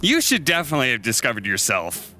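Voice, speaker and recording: A man breaks down a match on a live esports desk in a very bright, sharp voice. His pitch jumps around as he talks in a chatty, animated way. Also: fast talker, soft background music. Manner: chatty, animated, laughs easily. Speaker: esports analyst.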